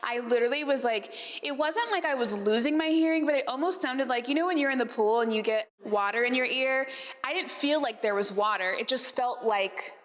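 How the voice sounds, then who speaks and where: In a reverberant event hall, an Arizona podcast host fields questions from a live audience, laughing and saying "like" often as she tells stories. Her voice sits high and is fairly bright, and she talks fairly quickly.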